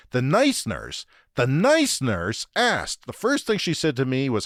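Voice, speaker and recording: A man's voice: medium pitch, huge pitch swings, unhurried, hardly any pauses, fairly bright tone, no echo, studio quality. A Canadian man hosting a podcast and telling a comic story in a profane, ranting, self-deprecating way. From Saskatchewan, Canada. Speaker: podcast host. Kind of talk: comedic storytelling monologue.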